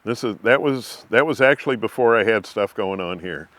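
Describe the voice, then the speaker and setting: A middle-aged man, telling rambling, folksy anecdotes in an interview and often clearing his throat. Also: lowish voice, lively intonation, normal speed, a bit bright, dry recording. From Missouri. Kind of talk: casual storytelling.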